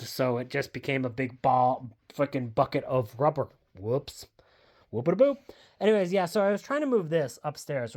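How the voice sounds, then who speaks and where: A woman's voice: very deep voice, a little mellow. A woman, chatting casually and rambling in a home vlog from her basement, self-deprecating, full of fillers and the odd swear. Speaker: book vlogger.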